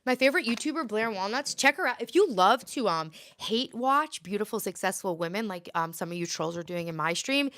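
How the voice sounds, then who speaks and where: A woman's voice: mid-range voice, animated, brisk, few pauses, fairly bright tone, no echo. A woman in her late thirties, chatting casually on a live stream, rambling and answering viewer comments aloud. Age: 30s. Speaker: livestream host.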